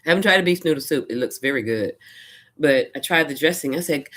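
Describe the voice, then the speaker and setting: A woman from Louisiana, her voice unusually deep for a woman. She talks casually to her vlog camera, retelling events with lively quoted asides. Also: quick pace. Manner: chatty, animated retelling with quoted asides and laughs. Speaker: vlogger. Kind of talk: casual personal storytelling.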